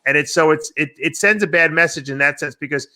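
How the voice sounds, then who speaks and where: A man's voice: a little high, fairly quick, bright, forceful tone. A man hosting a radio talk show, chatting casually with many restarts and some swearing. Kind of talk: casual chat.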